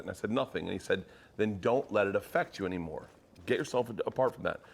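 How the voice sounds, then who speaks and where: A man's voice: on the low side, fast, gravelly, slightly rough. A man, a comedian guest, telling a story in casual chat, swearing freely. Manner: profane, wry storyteller.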